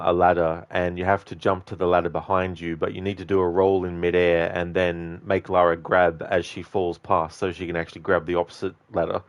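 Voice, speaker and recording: A man's voice: sits low, no room sound, highs cut off. A man streaming a video game, chatting casually with his live viewers, greeting and answering them by name in a loose, rambling way. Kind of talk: casual chat with live viewers while playing.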